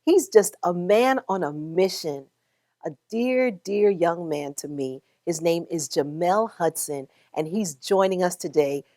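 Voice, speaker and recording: A woman hosting a web talk show, lively and encouraging, laughing often with her guests. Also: on the low side, a little slow. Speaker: host. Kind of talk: upbeat cooking and interview show.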